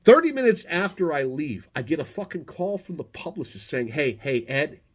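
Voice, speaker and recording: A man telling a casual, animated anecdote to the camera, full of swearing and restarts. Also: on the high side, a little fast, husky. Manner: profane, animated, self-interrupting. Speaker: storyteller, former podcast host.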